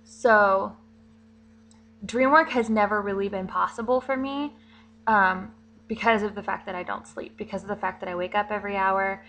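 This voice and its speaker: A woman's voice: mid-range voice, fairly even intonation, moderate pace, a bit bright, slight background noise, poor audio. A young woman vlogging casually, chatty and rambling, with fillers and little giggles. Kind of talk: casual vlog monologue.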